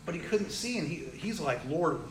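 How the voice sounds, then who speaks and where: A man casually telling a story, acting out the people he quotes, with growing excitement. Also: high-pitched, a little fast, a crowd in the background. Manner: animated, acts out quoted people, rising excitement. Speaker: storyteller sharing a testimony. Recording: roomy echo, faint ambient noise.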